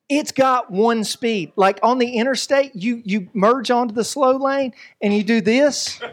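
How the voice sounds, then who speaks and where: A man, preaching a lively, joking sermon as pastor. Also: very high voice, a little hiss or hum. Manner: animated, joking, preacherly delivery with voices and asides.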